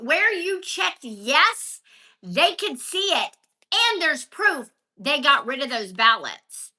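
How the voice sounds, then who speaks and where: A woman from Texas with a high, bright voice hosts a casual livestream from a counter at home, recording on a phone held vertically. She rants and chats, answering viewer comments by name.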